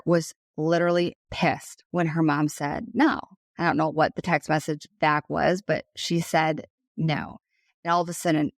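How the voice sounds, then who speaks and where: A woman's voice: sits low, creaky, no echo, studio quality. A woman in her thirties hosting a solo podcast. She speaks as a financial advisor, earnest and passionate.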